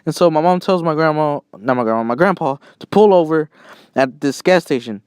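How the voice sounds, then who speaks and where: Young man, casual storytelling vlog, smooth clear voice, dry close sound, self-mocking and jokey. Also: a little high, fairly quick, no echo. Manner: animated, jokey, self-mocking, cries out when quoting himself. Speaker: channel host.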